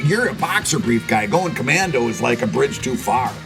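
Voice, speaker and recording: A man's voice: mid-range voice, animated, moderate pace, creaky, music in the background. A man co-hosting a podcast in casual chat, teasing his co-host, laughing often and reading out listener mail.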